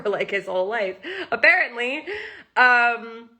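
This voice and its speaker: A woman's voice: medium pitch, unhurried, vocal fry, pushed and bright. A woman chatting casually and emotionally on a live stream from her phone, rambling with many "like"s. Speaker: kitten rescuer talking on a live stream.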